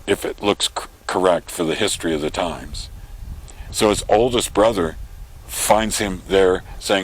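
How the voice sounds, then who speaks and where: Low-voiced man preaching a story. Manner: animated retelling, acts out quoted voices. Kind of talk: storytelling sermon.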